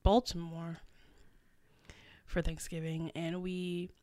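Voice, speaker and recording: A woman guest in a casual chat, speaking softly and hesitantly. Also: on the low side, flat delivery, slow pace, dry recording. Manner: hesitant, soft-spoken. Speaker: podcast guest.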